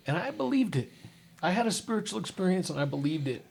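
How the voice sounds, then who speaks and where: A man's voice: high-pitched, sing-song, fast talker, creaky, darkish tone, slightly rough. A middle-aged man, a podcast guest, earnestly and casually telling a personal story from his life. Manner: earnest, casual, often says "dude".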